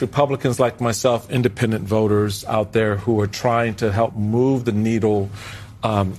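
A man hosting a political talk show, speaking in a measured way with many fillers. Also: on the low side, darkish tone, a little hiss or hum.

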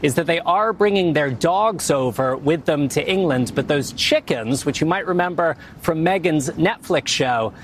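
Wry male TV correspondent, slightly high. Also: lively intonation, moderate pace, few pauses, a little hiss or hum. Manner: conversational, wry reporting. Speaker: news correspondent. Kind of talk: live TV news report.

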